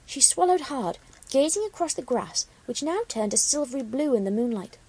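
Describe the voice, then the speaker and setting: Female storybook narrator, fairly high voice, expressive reading that slows for drama. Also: breathy edge, rough recording.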